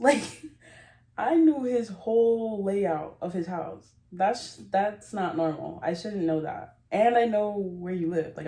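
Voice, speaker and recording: A woman's voice: fairly low pitch, warm tone. A woman vlogger telling a rambling, giggly story in casual confessional chat, often cutting herself off. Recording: roomy echo.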